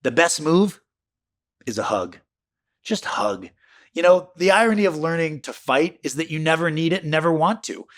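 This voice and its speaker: Emphatic man in his fifties, storytelling. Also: a bit bright. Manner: emphatic storyteller with sudden pitch jumps. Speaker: podcast host. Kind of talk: reflective motivational monologue.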